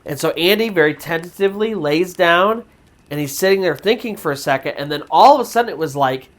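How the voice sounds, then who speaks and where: A woman's voice: fairly low pitch, expressive. Casual woman telling a ghost story. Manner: conversational, with fillers and restarts, dramatic pauses. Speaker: storyteller host. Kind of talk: casual spoken horror story narration.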